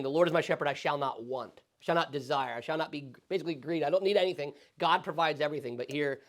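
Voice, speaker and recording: A male pastor teaching a Sunday school Bible study in a conversational, animated way, often checking in with the class. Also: mid-range voice. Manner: conversational, animated, frequent tag questions.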